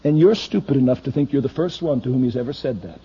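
Fiery preacher, hushed to shouting. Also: male voice, medium pitch, animated, fast talker, slightly rough. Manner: swings from hushed asides to shouted pleas. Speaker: pastor. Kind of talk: fiery sermon. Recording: dull lo-fi archival recording with faint noise.

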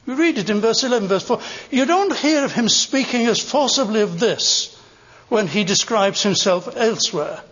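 A man's voice: sits high, lively intonation, moderate pace, fairly bright tone. An older man preaching a sermon, earnest, with emphatic stresses on repeated phrases. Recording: dull reverberant hall recording.

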